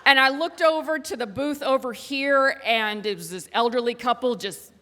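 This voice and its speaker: Animated woman telling a story on stage. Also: high-pitched, moderate pace, slight background noise. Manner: animated, self-mocking, punchy delivery. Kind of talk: live storytelling to an audience. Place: live stage.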